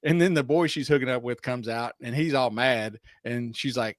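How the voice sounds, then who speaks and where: A man's voice: mid-range voice, moderate pace, hardly any pauses, no room sound, clean studio sound. A man co-hosting a casual podcast livestream, an easygoing rideshare driver who tells stories and laughs often.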